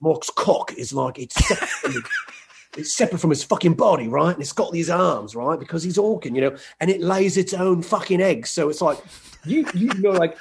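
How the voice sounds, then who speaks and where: A man's voice: on the high side, lively intonation, brisk, creaky, noisy background. Rambling, profane man on a podcast. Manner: rambling, profane, laughs often. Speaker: podcast host. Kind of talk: casual comedic chat.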